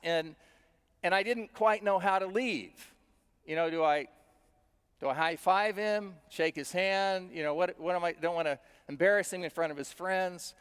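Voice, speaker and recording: A middle-aged male pastor preaches through homely, self-deprecating stories, talking to the congregation as if chatting. His voice sits high for a man and comes across smooth and resonant. The sound rings out with the long reverb of a large hall. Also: fairly bright tone. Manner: conversational storytelling, self-deprecating. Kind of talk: sermon with personal stories.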